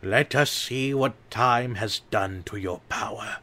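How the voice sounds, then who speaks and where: A man's voice: fairly low pitch, slow pace, sharp tone. A man voicing a stern old male village elder who speaks sharply and commandingly in an audiobook. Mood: steady. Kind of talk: audiobook character voice.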